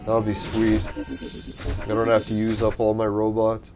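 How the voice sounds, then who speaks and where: A man giving casual commentary over his mobile game, a little hoarse as he is losing his voice, reacting with excited outbursts and cursing. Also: on the low side, unhurried, over music. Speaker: gameplay commentator.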